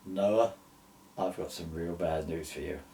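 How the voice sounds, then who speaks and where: A man voicing God in a comic story, speaking slowly and deadpan. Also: low voice, voice pushed down. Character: God, weary deity giving orders.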